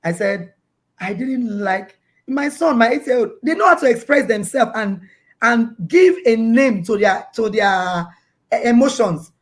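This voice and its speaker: A woman's voice: on the high side, animated, a little slow. A woman talking in a casual interview over a video call, telling stories about her children, acting out their voices and often repeating words while she searches for them. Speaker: guest parent.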